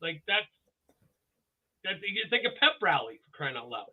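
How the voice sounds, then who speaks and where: A Canadian man, a guest on a casual podcast, joking loudly and breaking into comic voices. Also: a little high, normal speed, slightly rough. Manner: excitable, jumps into loud joking voices. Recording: tinny phone-like line.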